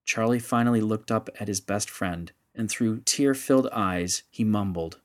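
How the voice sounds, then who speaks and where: A man narrating a story in a measured, steady audiobook style. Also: fairly low pitch.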